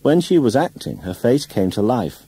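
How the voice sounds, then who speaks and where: A man narrating a literary novel in the first person, in a measured, wry way. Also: mid-range voice, very animated, mellow, slightly rough, no room sound. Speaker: audiobook narrator.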